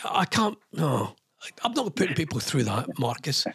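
A man's voice: a little high, big pitch swings, normal speed, vocal fry, a bit bright, slightly rough, no echo. A man with a Scottish accent hosting a radio phone-in, chatting in a rambling, self-mocking way and coaxing listeners to call. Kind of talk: casual radio chat.

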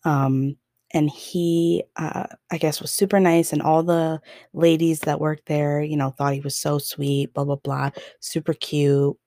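A woman's voice: deep voice, little pitch movement, measured pace, mellow, dry recording, clean studio sound. A young woman hosting a podcast, telling a story in a casual, chatty way with lots of fillers and laughs. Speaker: podcast host.

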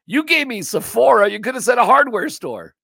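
Sports podcast guy, high bright voice, going off animated and emphatic, dry close sound. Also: fairly quick, gravelly, husky, dry recording. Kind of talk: casual sports podcast rant.

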